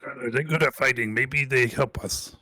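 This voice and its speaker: A man puts on a gruff goblin who talks in blunt, broken sentences and fires off clipped questions. The sound is dry and close, with faint music underneath. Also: medium pitch, moderate pace, sharp tone, dry recording. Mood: scheming.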